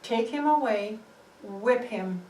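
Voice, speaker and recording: A woman storyteller playing a stern, uneasy governor, speaking in slow and measured pronouncements. The voice sits high and carries an echo from a distant mic, with faint background ambience. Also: a little mellow, slight background noise. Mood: grave. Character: troubled Roman governor, stern man.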